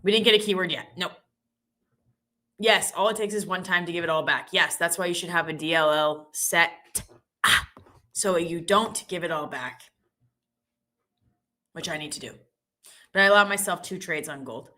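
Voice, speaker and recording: Woman stream host, casual and self-deprecating, bright tone. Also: on the low side, moderate pace, long pauses. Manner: chatty, giggly, self-deprecating. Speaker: live trading stream host. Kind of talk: casual live-stream chat.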